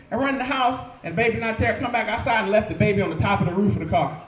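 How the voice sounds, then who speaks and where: A young man performing stand-up on a comedy club stage, telling profane stories loudly and shouting his punchlines. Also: high voice, steady tone, racing, noisy background. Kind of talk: live stand-up set. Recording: echoey live club room.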